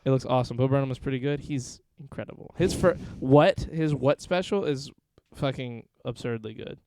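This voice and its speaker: A man hosting a podcast in casual chat, joking and swearing through quick banter. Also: mid-range voice, darkish tone, no room sound. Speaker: podcast host and streamer.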